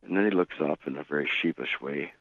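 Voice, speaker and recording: Middle-aged male radio preacher, storyteller, deep gravelly voice, phone-thin sound. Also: quick pace, a bit bright, no echo. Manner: storytelling, acts out quoted voices. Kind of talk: radio sermon. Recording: tinny phone-like radio broadcast.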